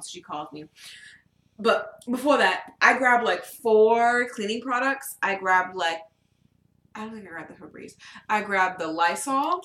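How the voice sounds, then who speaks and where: High, bright-voiced young woman telling a story. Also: brisk, echoey room. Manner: animated storytelling, swears a lot, laughs often. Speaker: podcast co-host. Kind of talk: casual chat.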